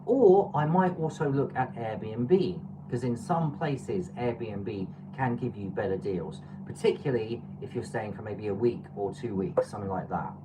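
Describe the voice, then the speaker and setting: A woman's voice: rumbling low, a little slow, few pauses, background noise. A woman from England with an English accent, hosting a travel livestream in a loose, chatty, advice-giving way with plenty of fillers. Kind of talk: casual livestream chat.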